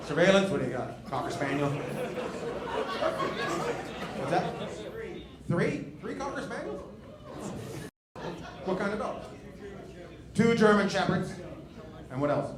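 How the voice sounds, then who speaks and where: A man doing stand-up crowd work into a stage mic, teasing the audience with profane jokes. His voice sits a little high and leaps all over in pitch, from low asides to loud outbursts. The echoey club is full of loud laughter and noise. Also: big pitch swings, normal speed, long pauses. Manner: teasing, profane, swings from low mutters to shouting.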